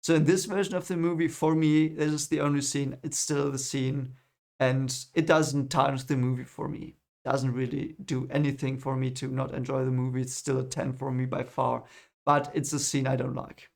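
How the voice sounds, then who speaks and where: A man's voice: mid-range voice, little pitch movement, moderate pace, vocal fry. A man recapping a film in casual vlog talk, rambling and often stopping to correct himself and apologize. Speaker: film reviewer vlogger.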